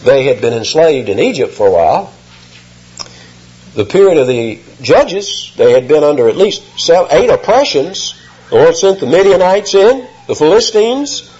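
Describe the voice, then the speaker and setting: Emphatic preacher guy, kinda high voice, muffled old sermon tape. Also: sing-song, moderate pace, a little mellow, slightly rough. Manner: emphatic, rising sharply on quoted lines. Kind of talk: expository sermon.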